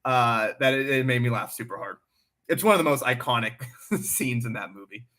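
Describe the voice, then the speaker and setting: Bright-voiced man chatting on a livestream. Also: medium pitch, moderate pace. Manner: blunt and animated, swears freely. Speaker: livestream host answering chat questions. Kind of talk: casual livestream chat.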